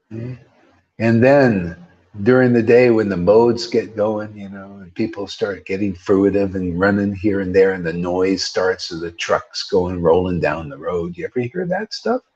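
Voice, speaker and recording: A man giving an informal devotional sermon as a spiritual teacher, animated and joking in a preacherly way. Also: low-pitched, muffled recording.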